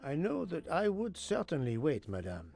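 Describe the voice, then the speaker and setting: Courteous detective, gravelly voice with a lively lilt, game audio, faint music. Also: male voice, a little high, moderate pace, full character voice. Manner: precise and courteous. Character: fussy refined male Belgian detective. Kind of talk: video game voice acting.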